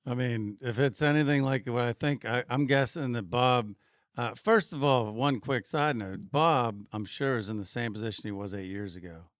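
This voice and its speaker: A man's voice: mid-range voice, normal speed, no echo. A man co-hosting a podcast in casual chat, chiming in with wry, dry jokes. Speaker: podcast co-host, retailer.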